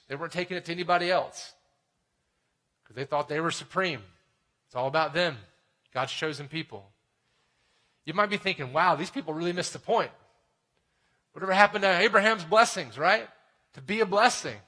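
A man preaching a sermon in a conversational way, often asking "right?" and dropping to a hushed tone for serious points. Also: a little high. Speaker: pastor.

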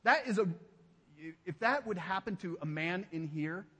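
A man preaching a sermon as pastor. He speaks emphatically and drops to a hushed low voice on key phrases. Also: lively intonation, moderate pace, breathy edge, in a large hall. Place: church sanctuary.

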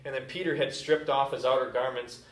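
A man's voice: mid-range voice, fairly even intonation, fairly quick, fairly bright tone. A man preaching a sermon as a pastor, telling a story in a casual, conversational way. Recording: echoey room from a distant mic.

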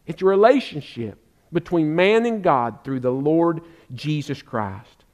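A man preaching a sermon as pastor, fervently repeating words for emphasis and addressing listeners as friend, then easing into relaxed storytelling with fillers. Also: a little high, a little slow.

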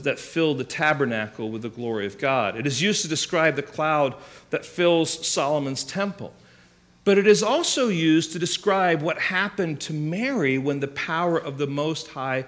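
A man's voice: medium pitch, a bit bright. A man preaching a sermon, explaining scripture with emphatic rhetorical questions and restarts. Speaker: pastor.

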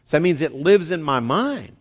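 A man's voice: a little high, sing-song, normal speed. Earnest male pastor, dull recording. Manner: earnest, conversational, frequent restarts and repeated words. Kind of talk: sermon.

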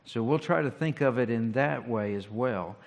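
A pastor giving a sermon, talking in a conversational, reflective way with rhetorical questions. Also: male voice, mid-range voice, normal speed, vocal fry. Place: church sanctuary. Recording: long hall reverb.

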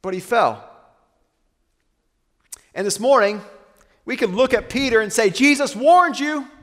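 A man preaching a sermon as pastor, earnest, slowing and softening on weighty lines. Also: sits high, in a large hall.

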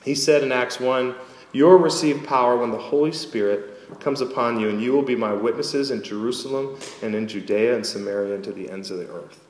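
A man preaching a sermon as pastor, earnest and lively with wry asides, in a church sanctuary. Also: medium pitch, a little fast. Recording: echoey hall with long reverb.

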